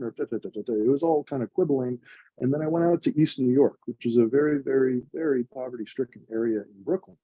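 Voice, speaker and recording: A man's voice: medium pitch, fast, dry recording, narrow, tinny audio. A man in his forties, a nonprofit co-founder, telling his story in an earnest, emotional, chatty way. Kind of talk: reflective conversational storytelling.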